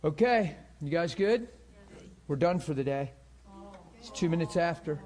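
A middle-aged man teaching a class on healing in a loose, animated sermon style, acting out the people he quotes. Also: on the high side, measured pace. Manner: animated storytelling, acts out quotes in voices.

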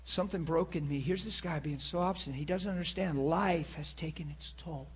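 A man's voice: a little high, a little fast, breathy edge. A man preaching a sermon, telling a personal story in an earnest, storytelling manner. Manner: earnest, storytelling, with many repeated words.

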